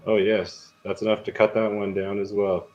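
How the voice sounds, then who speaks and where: A man narrating and running combat as the game master of a tabletop game, casual and quick with rules calls. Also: lowish voice, level tone, a little mellow, lo-fi sound, soft background music.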